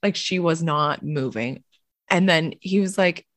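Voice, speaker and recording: A woman with a fairly low voice tells a story in a loose, animated way on a chat podcast. She swears freely and often breaks into laughter. Her voice is recorded close and dry. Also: unhurried, dry recording. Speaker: podcast co-host.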